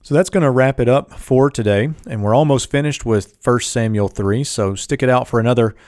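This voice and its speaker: A man teaching a Hebrew language lesson in a calm, methodical way, walking through each term step by step. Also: medium pitch, a little fast, dry recording, clean studio sound. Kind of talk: screen-share Bible language lesson.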